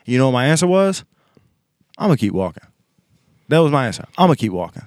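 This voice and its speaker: A man's voice: mid-range voice, sing-song, brisk, no room sound, studio quality. A man telling a story casually on a podcast, emphatic and repetitive.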